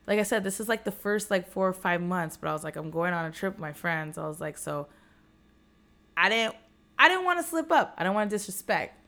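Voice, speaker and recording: A woman's voice: fairly low pitch, fairly bright tone, smooth. A young woman chatting casually on a podcast, candid and profane, telling a dating story with many fillers. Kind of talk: casual chat.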